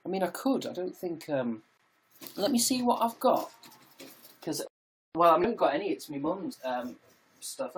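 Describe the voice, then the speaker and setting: A man's voice: fairly high pitch, expressive, normal speed, pauses often, a little hiss or hum. A British man chatting casually on a live stream, reading out viewer comments and answering them in a jokey, sweary way from his home.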